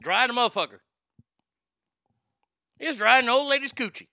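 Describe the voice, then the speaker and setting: A Texan man ranting casually about fast food, swearing a lot and stumbling over restarts. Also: very high voice, bright, forceful tone, no room sound, studio quality. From Texas. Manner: profane, rambling, stammering restarts. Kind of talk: casual rant.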